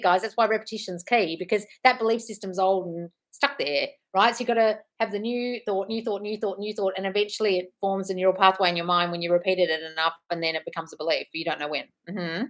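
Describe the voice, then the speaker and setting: A woman's voice: medium pitch, fairly bright tone. A woman hosting a live stream as a manifestation coach, reading viewer comments aloud, swearing freely and calling viewers darling. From United Kingdom.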